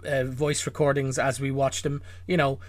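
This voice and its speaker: A man's voice: mid-range voice, flat delivery, normal speed, no echo. A man co-hosting a podcast, rambling and wryly incredulous. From Ireland. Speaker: podcast co-host. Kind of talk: casual chat.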